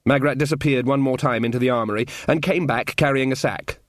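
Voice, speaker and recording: A man's voice: medium pitch, brisk, hardly any pauses, no room sound, studio quality. A man reading a comic fantasy novel aloud as audiobook narrator, shifting his voice slightly for each character. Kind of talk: scripted narration.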